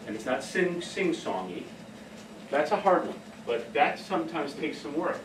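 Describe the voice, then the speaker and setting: A man's voice: mid-range voice, expressive, normal speed, background noise. Man giving a casual workshop talk. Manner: casual, anecdotal, laughs at own stories. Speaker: trainer. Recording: echoey room, heard from a distance.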